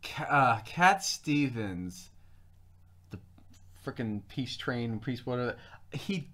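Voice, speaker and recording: Young male co-host, casual rambling chat, very lively pitch. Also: slow pace. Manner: rambling, animated, jumps between pitches. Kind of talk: casual live-stream chat.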